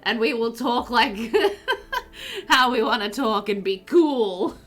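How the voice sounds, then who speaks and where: A woman's voice: a little high, sing-song, very slow, a bit bright. A woman streaming a life-sim game live, chatting loosely, laughing often and reading out her chat as she plays.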